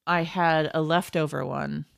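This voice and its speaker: A middle-aged woman co-hosting a podcast, chatty and quick to laugh, often correcting herself mid-sentence. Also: low voice, steady tone, vocal fry, clear, resonant tone, no echo. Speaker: podcast co-host. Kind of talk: casual chat.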